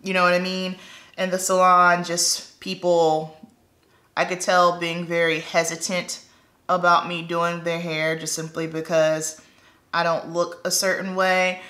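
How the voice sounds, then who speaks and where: A woman hairstylist telling stories in a casual, chatty way while doing her makeup, acting out the dialogue. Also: low-pitched. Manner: chatty, animated, acts out dialogue. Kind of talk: casual get-ready-with-me storytelling. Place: indoors at home, doing makeup. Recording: echoey room.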